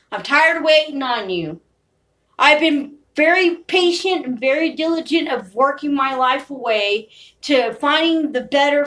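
A woman's voice: high voice, a bit bright, far from the mic, low-quality recording. Profane, intense woman, off-mic. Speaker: podcaster. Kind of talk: rambling monologue.

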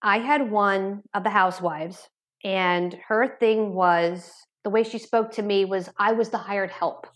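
A woman's voice: medium pitch, measured pace. A woman who works as an addiction therapist, telling blunt, matter-of-fact stories as an interview guest. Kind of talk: candid storytelling in an interview.

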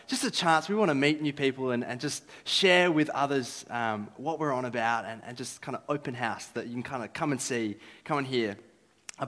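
A man's voice: medium pitch, fairly bright tone. A man giving a casual, filler-filled talk about trust at a church gathering. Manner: casual, chatty with many fillers. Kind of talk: sermon-style talk. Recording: echoey hall.

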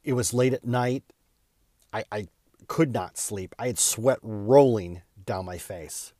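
A man's voice: fairly low pitch, slow, dark tone, no echo, studio quality. A man hosting his own podcast, telling a personal story in an earnest, candid way with small stumbles and repeats. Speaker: podcast host.

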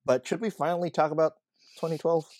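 A man's voice: a little high, steady tone, fast talker, a little mellow, no echo, studio quality. A man co-hosting a podcast in laid-back casual chat. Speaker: podcast co-host.

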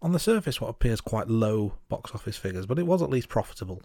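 A young man from the Midlands co-hosting a film podcast, measured and wry in casual chat. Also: fairly low pitch, very animated, mellow, dry recording, studio quality. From English Midlands. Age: young adult. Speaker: podcast co-host.

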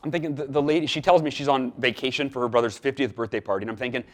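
A man guest on an interview show, telling a story in a lively way and acting out the quoted dialogue. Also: medium pitch, rapid-fire. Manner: animated, acts out quoted dialogue with lively swings in loudness. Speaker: podcast guest.

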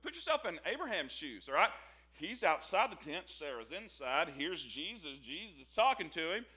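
A man's voice: on the high side, normal speed, slightly rough. A man pastor preaching a sermon, telling the scripture story with humor and acting out its dialogue. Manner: animated, joking storyteller who acts out the scripture dialogue.

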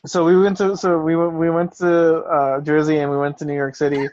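A man co-hosting a podcast, telling a story in a relaxed, laughing way and swearing freely. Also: a little high, a little fast, muffled recording. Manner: laid-back, swears freely, laughs often. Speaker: podcast co-host. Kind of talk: casual storytelling chat.

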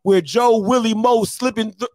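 A man imitating an older man who reminisces slowly and boastfully about football stars of decades past. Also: very high voice, fairly even intonation, a little mellow, dry recording, studio quality, voice pushed up. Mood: nostalgic.

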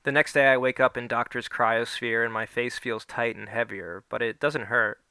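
A man's voice: steady tone, normal speed, pushed and bright, smooth, no room sound. Man reading a first-person story. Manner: voices the characters with small pitch shifts. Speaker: narrator.

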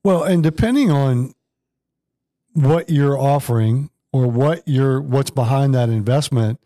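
A man co-hosting a podcast, speaking in a measured, even way about sales process. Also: mid-range voice, no echo, studio quality. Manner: measured, lots of short agreements. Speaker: podcast co-host. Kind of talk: casual business chat.

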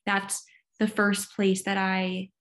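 A woman's voice: mid-range voice, completely flat delivery, a bit bright. Reflective, supportive woman. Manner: reflective, supportive, halting phrasing. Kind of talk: casual conversation.

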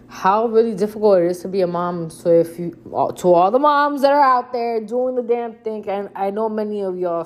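A young woman tells stories to camera, chatting with her viewers as if they were a close friend, relaxed and candid with a casual curse here and there. When she acts out her own past lines, her pitch jumps much higher.

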